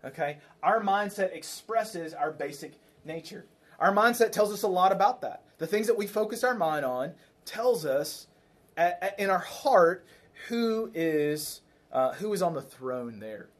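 A man's voice: sits high, expressive, measured pace. Conversational man preaching a sermon. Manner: conversational, repeats key phrases, asks the congregation questions. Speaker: pastor. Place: church.

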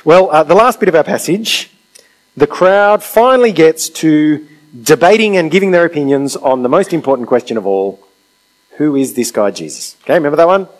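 A man's voice: a little high, animated, normal speed, poor audio. A man preaching a sermon in a conversational way, asking rhetorical questions and acting out quotes.

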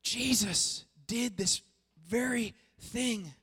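A pastor preaching a sermon to a congregation, talking animatedly and swinging between quiet passages and loud emphatic bursts. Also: mid-range voice, very slow, breathy edge. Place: church hall before a congregation. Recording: long echoey hall reverb.

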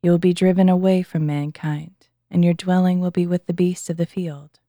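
A wise male prophet in a scripture reading gravely interprets a dream for a king, read by a woman. The voice sits low and mellow, measured and earnest. The sound is close and dry, with no room around it. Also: little pitch movement, no echo, lightly acted.

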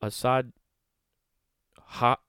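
A man's voice: extremely slow, a bit bright, no echo, clean studio sound. A young man vlogging in a casual, rambling, jokey way, riffing into comic bits. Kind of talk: casual comedic commentary.

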